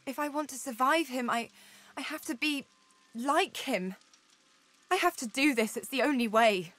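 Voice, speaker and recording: A haunted young woman, faltering. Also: high voice. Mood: anguished. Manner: halting, anguished, faltering speech. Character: haunted young woman fighting a possessing demon. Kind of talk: video game voice acting. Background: soft game music.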